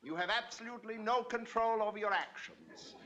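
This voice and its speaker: An actor playing a fussy, pompous male singing teacher in a sitcom, lecturing in a theatrical way and demonstrating sounds loudly. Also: high voice, fairly quick, muffled recording, natural voice. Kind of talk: 1960s TV sitcom acting. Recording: noisy old TV audio with studio audience laughter.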